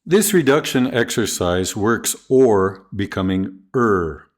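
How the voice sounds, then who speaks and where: A man giving a scripted lesson on teaching pronunciation, slowly modelling example phrases and sentences. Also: medium pitch, big pitch swings. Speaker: teacher trainer. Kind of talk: scripted instructional narration.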